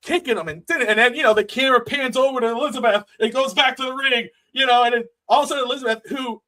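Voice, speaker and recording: Excitable high-voiced man recapping wrestling. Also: fast. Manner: excitable, swears, laughs often, acts out moments. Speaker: podcast co-host. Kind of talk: casual wrestling podcast chat.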